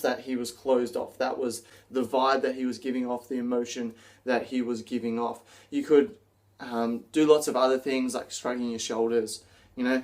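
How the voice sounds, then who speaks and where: Man, public speaking coach, instructional video, energetic delivery, mid-range voice. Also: mid-range voice. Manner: energetic, acts out example lines.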